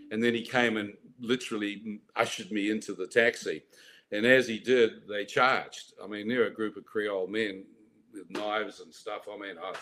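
A man's voice: fairly low pitch, fairly bright tone. Older man telling a dramatic story. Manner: vivid, dramatic, frequent restarts and laughs. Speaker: guest telling his testimony. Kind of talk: animated storytelling.

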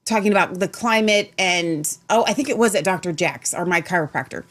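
Casting note: chatty woman co-host, rambling, animated, now and then muttering low. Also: brisk. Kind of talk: casual political chat show.

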